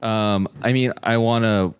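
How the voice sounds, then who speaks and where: A man playing a tabletop game, talking in a halting, filler-heavy way. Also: lowish voice, steady tone, clean tone, no room sound. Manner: hesitant, many fillers. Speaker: player. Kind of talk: casual tabletop game play.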